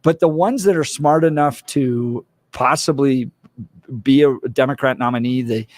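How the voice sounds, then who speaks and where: A man hosting a morning talk radio show, opinionated and animated, with sarcastic asides. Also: medium pitch, moderate pace, dry recording. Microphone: studio microphone.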